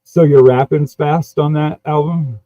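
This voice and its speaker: A podcast host with a slightly high, warm voice speaks steadily and without hurry as he conducts a casual interview. He asks his questions in a loose way, swearing and laughing easily, and the dry recording has a dull, lo-fi sound with no echo.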